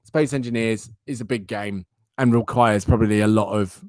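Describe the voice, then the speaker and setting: A young man hosting a casual live stream, chatting and reacting with loud, silly outbursts. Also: lowish voice, moderate pace. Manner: animated, jumps into loud silly exclamations. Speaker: livestream host.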